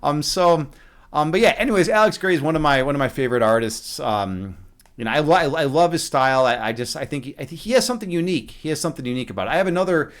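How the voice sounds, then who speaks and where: A man with a voice on the high side live streams a chess game from his home setup. He chats casually and rambles, restarting often and letting the odd swear word slip.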